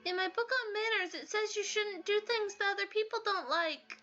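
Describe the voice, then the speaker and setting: A woman's voice: very high-pitched, normal speed, pushed and bright, muffled recording, faint music behind, voice pushed up. A woman voicing a sweet, naive young heroine who talks politely and earnestly, often sounding worried for others.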